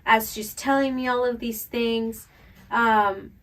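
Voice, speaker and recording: A woman co-hosting a podcast, telling a personal story in a casual, animated way with lots of fillers. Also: a little high, takes it slowly, far from the mic, rough recording. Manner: animated storyteller, filler-heavy, laughs often. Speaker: podcast co-host.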